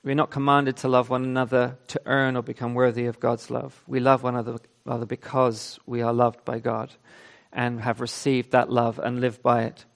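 A man's voice: mid-range voice, completely flat delivery, moderate pace, creaky, hardly any pauses. A man preaching a sermon, reading scripture with emphasis and then explaining it in an earnest, conversational way. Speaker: pastor.

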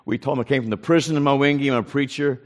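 A preacher telling a personal story in a folksy way, acting out the dialogue of the people in it. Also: male voice, mid-range voice, racing. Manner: folksy, animated retelling with quoted dialogue. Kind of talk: storytelling testimony.

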